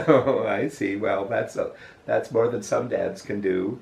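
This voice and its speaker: An older man interviewing a guest, telling a memory in a halting, storytelling way. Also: fairly low pitch, gravelly, a little mellow. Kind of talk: casual reminiscing interview. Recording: roomy echo.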